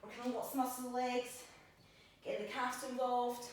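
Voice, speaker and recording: At normal speed and with a flat delivery, a fairly high-voiced woman trainer counts reps aloud and cues moves while working out herself, slightly out of breath yet encouraging. The gym is very echoey, the mic far away, with slight background noise.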